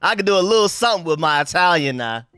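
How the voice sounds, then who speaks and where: A man's voice: high-pitched, lively intonation, fast talker, pushed and bright, smooth, no echo, soft background music. A young American man hosting a live sports stream, chatting loosely with slang and rambling restarts. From United States. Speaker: sports livestream host. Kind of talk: casual live-stream chat reading viewer comments.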